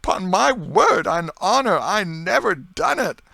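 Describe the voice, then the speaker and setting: A man voicing a terrified, sobbing accused man who pleads in high, strained cries. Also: very animated, measured pace, sharp tone, no echo, heavily acted.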